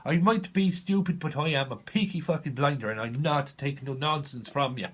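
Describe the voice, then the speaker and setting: A man voicing a menacing, defiant male street gangster who swears and threatens in clipped slang, with a husky voice. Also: fairly high pitch, moderate pace, a bit bright.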